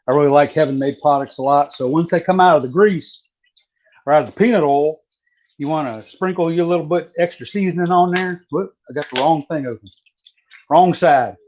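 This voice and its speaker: A man's voice: a little high, a little fast. Folksy man, muffled audio. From southeastern Virginia. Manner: folksy, relaxed, drawling. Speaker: cooking guest. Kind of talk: casual cooking demo on a live stream. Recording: dull lo-fi stream audio.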